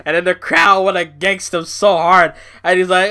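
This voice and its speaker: A man hosting a podcast, ranting casually in a rambling, profane, excitable way. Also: high voice, moderate pace, hardly any pauses, smooth. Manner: rambling, profane, excitable, fillers like "you know". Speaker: podcast host.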